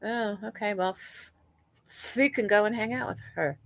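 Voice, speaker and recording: With a medium-pitched, fairly bright voice at normal speed, a woman runs a livestream where she casually chats and gossips with viewers. She swears freely and keeps restarting sentences, and the audio has no room sound.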